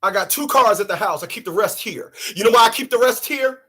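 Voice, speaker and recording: A man hosting his channel in a profane, emphatic rant, often shouting. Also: sits high, animated, fairly quick, slightly rough. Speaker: channel host. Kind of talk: ranting commentary.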